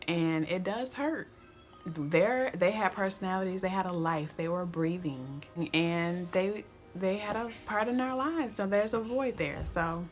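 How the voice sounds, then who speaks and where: Young woman vlogger, lower voice, gentle halting story-time delivery. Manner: soft, reflective, halting with restarts. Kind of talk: story-time vlog to camera.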